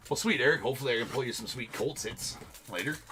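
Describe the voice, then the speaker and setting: A man with a mid-range voice hosts a live-streamed trading card break, commenting on each card as it comes up and chatting with viewers. He uses a lot of filler words.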